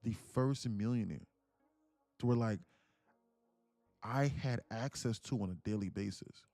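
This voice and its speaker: A man casually hosts a livestream, telling a long story with restarts and swearing. His voice is mellow and dry. Faint music plays behind him. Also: lowish voice, a little slow, dry recording. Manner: rambling, profane, full of restarts. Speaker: livestream host.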